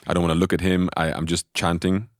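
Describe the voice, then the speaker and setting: A man telling a personal spiritual story in a relaxed podcast conversation, animated and often restarting his sentences. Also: deep voice, fast talker, no room sound, studio quality.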